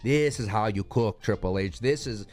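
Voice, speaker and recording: A man giving a casual, excitable recap of a wrestling show, rambling and slangy, with stops and restarts. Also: lowish voice, moderate pace, soft background music.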